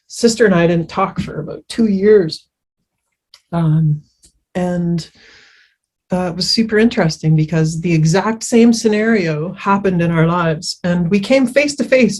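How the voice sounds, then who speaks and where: Unhurried woman giving candid recovery testimony. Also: fairly low pitch, a little mellow. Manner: candid, rambling, swears freely; many fillers and restarts. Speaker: speaker sharing her recovery story. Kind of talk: personal testimony.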